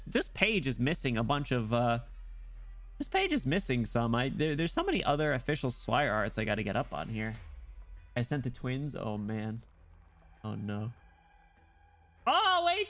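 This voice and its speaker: Excitable male streamer, chatty. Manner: excitable and rambling, with sudden high squeals. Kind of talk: casual livestream chat while reading a game story.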